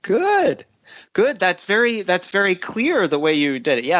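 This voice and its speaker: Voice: mid-range voice, big pitch swings, a little slow, a bit bright, no room sound, muffled recording. An English teacher giving a live online lesson, explaining patiently and often restarting sentences.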